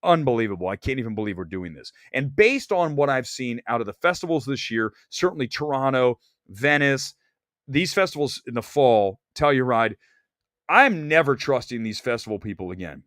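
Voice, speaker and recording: A man hosting a movie talk show, giving blunt, animated opinions with bursts of laughter. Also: medium pitch, fairly quick, dry recording, clean studio sound. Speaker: podcast host and film critic. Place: Los Angeles studio.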